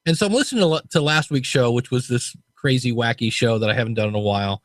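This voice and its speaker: A man's voice: mid-range voice, fast talker, no echo. A man hosting a podcast, chatting casually and animatedly, laughing easily at himself. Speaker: podcast coach host.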